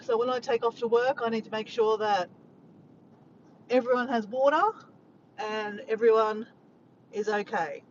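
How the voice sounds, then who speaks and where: A woman's voice: on the high side, steady tone, unhurried, long pauses, muffled recording, slight background noise. An Australian woman chatting casually with her viewers while driving, filmed on a phone. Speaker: vlogger. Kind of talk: casual chat to a live chat. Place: in a car. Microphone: phone camera.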